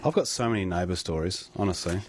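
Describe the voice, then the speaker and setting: A man's voice: low-pitched, fast, breathy edge. A man hosting a radio show, chatting and telling stories with easy laughs. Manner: chatty storyteller, laughs easily. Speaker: radio host. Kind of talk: casual radio chat.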